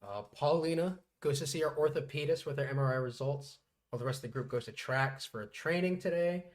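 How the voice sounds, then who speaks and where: A man co-hosting a podcast, telling a story in casual chat, animated and swearing freely. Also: a little high, brisk. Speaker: podcast co-host. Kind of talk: casual chat recapping a show.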